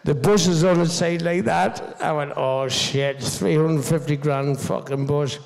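A man in his fifties with a Geordie accent tells rambling stories on stage, swearing freely and restarting often. His voice sits fairly high and has a gravelly edge. It carries a long hall reverb from a stage mic. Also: measured pace. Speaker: guest speaker. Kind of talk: stage anecdote telling.

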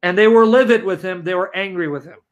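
A man with a strikingly high-pitched voice tells a story with steady emphasis. He sounds incredulous as he builds his case, slipping into the voices of the people he quotes. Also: fast. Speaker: religious debate show co-host. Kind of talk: animated storytelling commentary.

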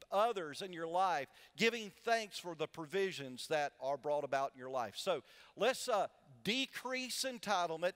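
A male pastor with a high voice delivers a sermon in a big church sanctuary, his words ringing out with a long hall reverb. He preaches in call-and-response fashion, pausing on questions for the congregation to answer. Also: a bit bright. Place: large church sanctuary with balcony.

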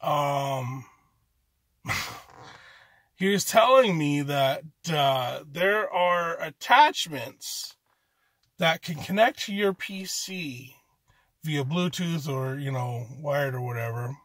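A man's voice: fairly high pitch, animated, takes it slowly, long pauses, a bit bright, dry recording. A man from Canada doing an amateur stand-up comedy set, ranting profanely in a rambling way and restarting his sentences often.

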